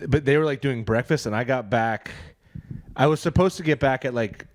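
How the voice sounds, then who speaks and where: A man's voice: mid-range voice, normal speed. A man co-hosting a podcast, telling a personal anecdote in a casual comedic chat from a living room studio. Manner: anecdotal storytelling. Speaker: podcast co-host.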